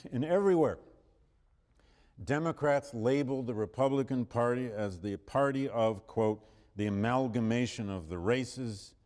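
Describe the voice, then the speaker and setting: The lecture comes from a history professor, medium in pitch with a darkish tone, speaking emphatically in a large, echoing hall. Occasional coughs break in as he corrects himself and lifts his voice for quotations.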